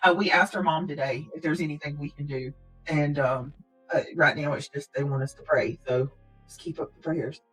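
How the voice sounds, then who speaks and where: A woman hosting a casual livestream and talking directly to her viewers. She speaks earnestly and prayerfully, and she keeps clearing her throat and coughing. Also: low-pitched, fairly even intonation, normal speed, fairly bright tone, faint music behind, low-quality recording. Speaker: livestream host.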